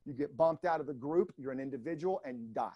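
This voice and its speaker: A man's voice: a little high, fast, warm tone, breathy edge, no room sound, clean studio sound. A middle-aged man giving a leadership webinar, explaining ideas off slides in a conversational way and often checking in with "right?". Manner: conversational, keeps asking "right?". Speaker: webinar speaker.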